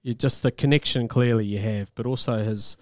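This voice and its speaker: A man's voice: medium pitch, fairly even intonation, a little fast, no echo. Man, New Zealand accent, breakfast radio co-host, chatty, laughs a lot, dry close studio mic. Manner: chatty, laughs often, warm praise for guests. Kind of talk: casual radio banter.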